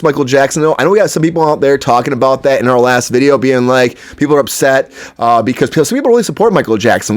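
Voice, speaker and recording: A man hosting an entertainment news show, giving casual, opinionated commentary with frequent asides to his viewers. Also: a little high. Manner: chatty, opinionated, lots of fillers and asides to viewers.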